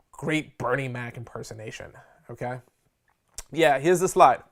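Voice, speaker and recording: A man teaching a live seminar on public speaking, energetic and slangy, often checking in with his audience. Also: medium pitch, unhurried, pauses often. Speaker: speaker coach.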